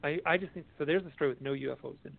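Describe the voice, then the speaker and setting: A man, a guest author, telling stories in a casual interview, animated and often restarting his sentences, heard over a phone line. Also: fairly high pitch, racing, creaky. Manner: animated storyteller, restarts a lot. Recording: tinny dry phone line.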